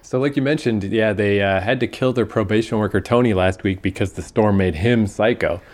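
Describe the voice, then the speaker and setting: A man's voice: fairly low pitch, a little fast, a little mellow. A man co-hosting a casual TV recap podcast, rambling loosely, laughing often and swearing freely. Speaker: podcast co-host.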